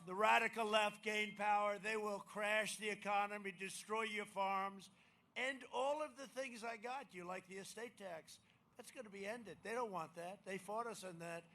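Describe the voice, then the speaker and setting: A man's voice: high-pitched, gravelly, bright, forceful tone, slight background noise. An older man giving a rambling, boastful rally speech and mocking his opponents. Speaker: campaign rally speaker. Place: outdoor rally crowd.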